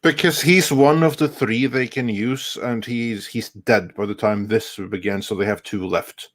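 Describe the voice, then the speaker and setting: A man's voice: mid-range voice, steady tone, a little slow. A man in casual podcast chat, emphatic and matter-of-fact.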